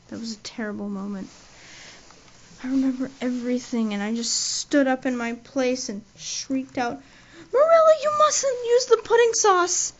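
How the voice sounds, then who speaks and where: A woman's voice: on the high side, close to an everyday voice. Anne, a woman doing a dramatic chatty girl. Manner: breathless, dramatic storytelling. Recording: dull lo-fi audio.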